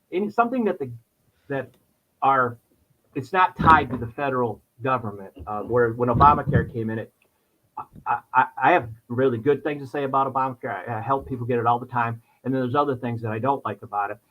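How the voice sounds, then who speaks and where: A middle-aged man from New York, an insurance agent, guests on a podcast and chats casually at length, looping back and restarting a lot. He speaks a little fast at an everyday male pitch. The recording is dull, muffled and lo-fi.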